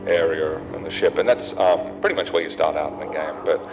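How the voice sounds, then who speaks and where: Low-voiced Australian man rambling over gameplay. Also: fairly even intonation, a little fast, over music, low-quality recording. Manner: rambling and tangential, full of fillers. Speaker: game developer. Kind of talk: gameplay commentary. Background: game sounds and noise.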